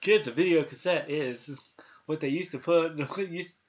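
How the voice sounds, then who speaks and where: A man's voice: a little high, normal speed, highs cut off. A man in his thirties hosting a casual movie review chat, rambling with many restarts and fillers. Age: 30s. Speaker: podcast host.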